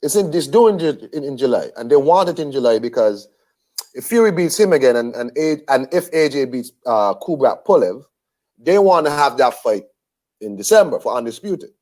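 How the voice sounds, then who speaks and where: A man co-hosting a casual boxing chat, animated and incredulous, repeating himself when he gets heated. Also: medium pitch, moderate pace. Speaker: boxing podcast co-host.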